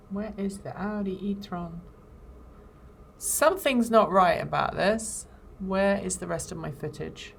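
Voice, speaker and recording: A woman's voice: medium pitch, measured pace, vocal fry, a little hiss or hum. A woman hosting a live stream, chatting casually and thinking aloud while she edits video. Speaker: video editor and show host. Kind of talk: casual livestream chat while editing.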